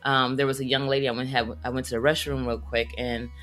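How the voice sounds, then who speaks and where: A woman comedian telling funny stories in a casual monologue, animated and breaking into high squeaky voices when she quotes people. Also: quick pace, faint music behind. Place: Las Vegas.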